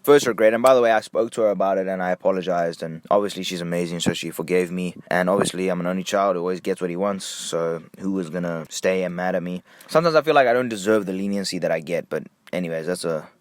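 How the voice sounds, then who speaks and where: A young man from Nigeria telling a casual story-time vlog, jumping between hushed asides and excited, high bursts. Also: fast, few pauses, dry recording. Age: young adult.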